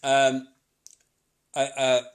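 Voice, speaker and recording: A middle-aged man works as a psychic medium, giving a live reading to a sitter in a mid-range voice that is monotone and very slow. His manner is chatty and repetitive, and he laughs often.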